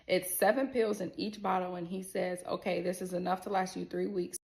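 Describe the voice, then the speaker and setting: A young adult woman telling a personal story in a casual, animated way, blunt and swearing, talking straight to her viewers. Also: lowish voice, fairly quick, creaky. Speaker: storyteller vlogger.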